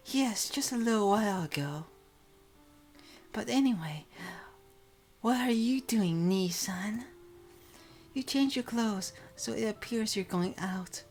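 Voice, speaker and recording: A man voicing an anxious, formal younger sister with a soft, pleading manner. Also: sits high, expressive, slow, long pauses, faint music behind, pitched above the performer's own voice, full character voice. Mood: worried pleading.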